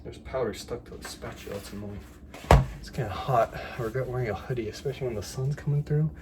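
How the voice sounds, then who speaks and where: A man chats casually while he cooks, rambling and joking through his story, his voice at a middle pitch. His phone is set some way off, so he sounds distant, and a clear hum of room ambience runs under his talk. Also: fast. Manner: rambling, chatty, jokey storytelling with fillers. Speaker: vlogger.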